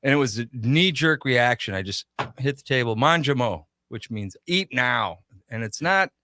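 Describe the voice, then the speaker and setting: A man on a radio show telling anecdotes and acting out the back-and-forth of old conversations. His voice is bright and forward. The sound is close and dry, like a studio mic. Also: mid-range voice, moderate pace, dry recording. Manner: animated anecdotes with quoted dialogue. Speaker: shop owner guest. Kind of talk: casual radio interview storytelling.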